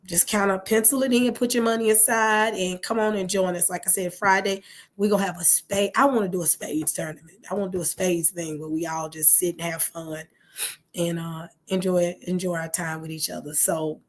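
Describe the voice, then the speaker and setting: A hoarse woman, talking casually to her viewers, rambling with fillers and correcting herself as she goes. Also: on the low side. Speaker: channel host.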